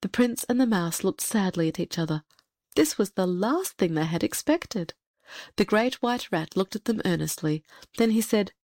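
A woman narrates a fairy tale in a gentle, measured voice, pitched in a middle range. The recording is close and very dry, with no room sound. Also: animated, no echo. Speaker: audiobook reader. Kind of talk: storybook narration.

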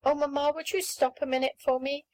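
A woman voicing an eager little girl of about seven who pleads for pretty things, speaking high and excited. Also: a little fast, close to an everyday voice, low-quality recording.

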